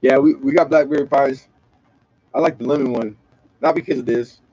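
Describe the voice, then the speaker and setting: A man's voice: mid-range voice, steady tone, normal speed, warm tone, husky, no echo, muffled recording. A man from Southern California rambling and joking with profanity in a casual late-night livestream chat. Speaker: livestream host.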